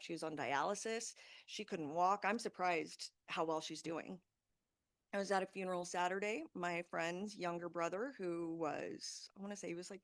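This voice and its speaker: A woman with a somewhat low voice gives an informal presentation to a group. She talks casually and conversationally, with plenty of fillers and asides. The sound is dry and close, with little room echo. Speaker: safety talk presenter.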